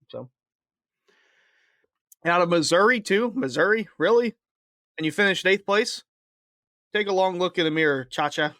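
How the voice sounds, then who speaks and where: A man co-hosting a podcast, ranting in halting bursts with restarts. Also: high-pitched, lively intonation, a bit bright, no room sound, clean studio sound. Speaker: podcast co-host. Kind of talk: casual chat.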